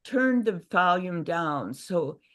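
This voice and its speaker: An older woman giving a gentle, reflective talk on a livestream video call, with frequent restarts. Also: fairly low pitch, expressive, slow. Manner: reflective, gentle, many restarts and acted inner voices. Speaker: workshop speaker. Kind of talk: casual teaching talk. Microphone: video call mic.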